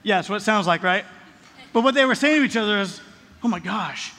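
Male pastor, high voice, lively storytelling sermon, echoing sanctuary. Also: quick pace. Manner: animated, acts out voices of characters.

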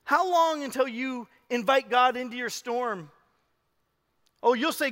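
A man preaching with a high, bright, sharp voice, swinging from loud urging to hushed emphasis. It is a lively church sermon, recorded with the long reverb of a large hall. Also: a little slow. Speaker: pastor.

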